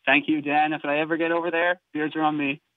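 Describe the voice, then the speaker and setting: An Irish man talks on a tinny, dry phone line in an even, fairly flat voice. He's a chatty, self-deprecating guest. His manner stays easygoing and plainspoken. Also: on the high side, quick pace, no room sound. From Ireland. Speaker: guest commentator. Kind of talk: phone interview.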